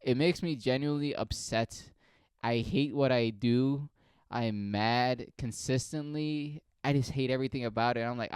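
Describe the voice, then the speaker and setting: Profane ranting young man, smooth voice. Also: mid-range voice, normal speed, dry recording, clean studio sound. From Africa. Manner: profane, exasperated storytelling. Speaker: comedian. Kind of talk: casual comedic rant.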